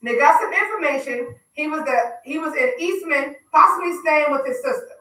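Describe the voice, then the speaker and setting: A woman's voice: sits high, normal speed, pushed and bright. A woman hosting a casual hip hop news radio show, reading headlines with slangy, joking asides. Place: radio studio. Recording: roomy studio, mic at a distance.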